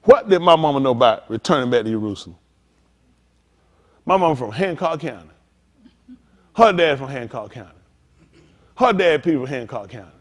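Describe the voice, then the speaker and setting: A man's voice: mid-range voice, expressive, a little fast, long pauses. A man preaching a sermon as pastor, with call-outs to listeners and acted-out asides.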